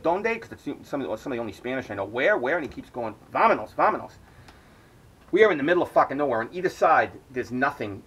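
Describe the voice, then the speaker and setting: A man's voice: medium pitch, a bit bright, husky, low-quality recording. A middle-aged man hosting his own podcast, telling a long, rambling story full of swearing. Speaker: podcast host. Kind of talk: storytelling monologue.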